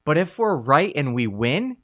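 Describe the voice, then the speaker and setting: Animated storytelling man, dry close sound. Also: a little high, normal speed, dry recording. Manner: animated storytelling, many fillers and restarts. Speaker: co-host, Catholic psychologist. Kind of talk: casual conversational commentary.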